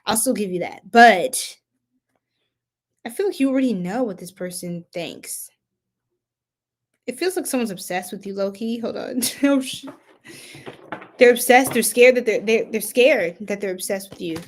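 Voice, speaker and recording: A young woman doing a casual tarot reading, chatty and animated, often laughing and breaking into loud exclamations. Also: medium pitch, moderate pace, long pauses. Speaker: tarot reader.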